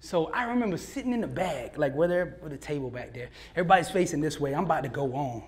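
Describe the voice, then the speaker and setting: High-voiced, animated storytelling man. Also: fast talker. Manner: animated, laughing, slangy storyteller acting out dialogue. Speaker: motivational speaker. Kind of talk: live motivational storytelling.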